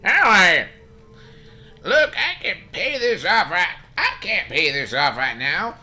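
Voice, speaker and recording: A man doing a whiny, high-pitched stingy old doctor. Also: very animated, slow pace, sharp tone, faint music behind, exaggerated voice. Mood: whiny, defensive. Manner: whiny, fussy, excuses. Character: stingy cranky old male town doctor.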